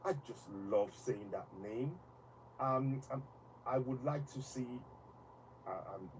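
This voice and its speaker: A man hosting a broadcast, talking with passionate emphasis and halting restarts. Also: mid-range voice. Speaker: host. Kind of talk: live commentary broadcast. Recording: distant mic with noisy background.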